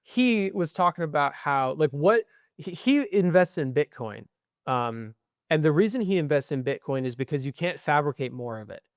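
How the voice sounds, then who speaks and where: A man's voice: on the high side, expressive, moderate pace, dry recording, clean studio sound. A young man co-hosting a podcast in casual chat, talking in long rambling runs and often tagging "right?" and "um". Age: young adult. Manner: rambling, frequent "right?" and "um" fillers. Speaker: podcast co-host.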